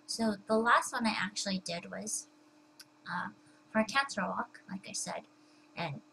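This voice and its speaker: A woman's voice: medium pitch, lively intonation, measured pace, creaky, sharp tone, a little hiss or hum, poor audio. A young woman talking casually to the camera at home, chatty and full of fillers and restarts. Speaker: vlogger.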